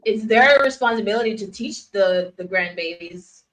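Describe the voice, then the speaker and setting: A woman's voice: mid-range voice, moderate pace, fairly bright tone, low-quality recording. Woman host from Jamaica. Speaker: podcast host. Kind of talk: casual interview talk.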